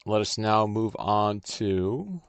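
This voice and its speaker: A man hosts a laid-back livestream and talks his way through the work at an unhurried pace. His voice has a gravelly edge. He trails off and restarts as he thinks aloud, and the sound is close and dry. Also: lowish voice, animated, dry recording. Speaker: stream host. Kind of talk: casual livestream chat while designing cards.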